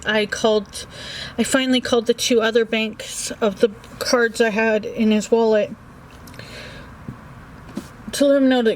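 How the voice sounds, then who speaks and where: A grieving, anxious woman talking haltingly, with many restarts and fillers, in a personal vlog recorded in a small book nook at home. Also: on the high side, a little hiss or hum, poor audio. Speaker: vlogger.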